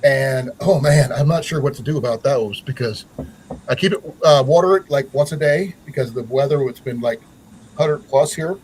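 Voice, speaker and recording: A man's voice: mid-range voice, moderate pace, a little mellow, slight background noise, rough recording. A man hosting a casual livestream chat, rambling with many fillers and restarts. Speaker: channel host.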